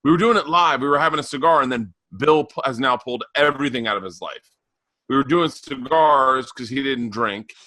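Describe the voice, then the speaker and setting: A man in his forties, a podcast guest telling animated stories in a raspy, loud voice. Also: medium pitch, a little fast, no room sound. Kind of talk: casual chat.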